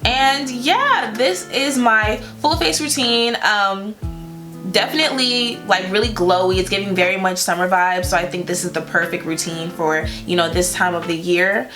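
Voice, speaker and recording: A woman's voice: mid-range voice, moderate pace, a bit bright. A young woman chatting casually through a makeup tutorial, playful and loose, with lots of fillers and small laughs. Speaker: beauty vlogger. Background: guitar music.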